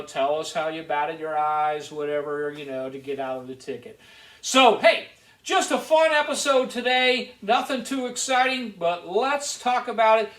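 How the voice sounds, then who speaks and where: A man's voice: high voice, a bit bright. A man from Ohio hosting a casual video show, telling a rambling story to viewers with plenty of fillers. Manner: chatty, rambling, with frequent fillers. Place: garage. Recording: roomy echo.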